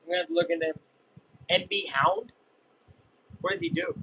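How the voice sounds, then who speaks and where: A young man casually chatting and reacting while streaming a live baseball game, rambling and breaking into excited yells. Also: high-pitched, a little fast, background noise. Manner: rambling, self-interrupting, bursts of excited yelling. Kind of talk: casual live game watch-along chat.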